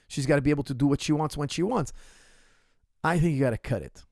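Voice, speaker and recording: A male coach holds forth in a Q&A monologue, blunt and emphatic, hammering the same point home and talking to the viewer directly. His voice sits a little high with a gravelly, creaky edge, recorded close and dry. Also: fast talker, a little mellow, dry recording. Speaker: martial arts coach. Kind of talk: ask-me-anything Q&A monologue.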